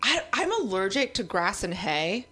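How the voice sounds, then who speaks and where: A woman from Seattle sits in as a podcast guest, her voice mid-pitched. She chats casually with wry, deadpan humor, laughing often. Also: a little slow, breathy edge. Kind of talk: casual chat.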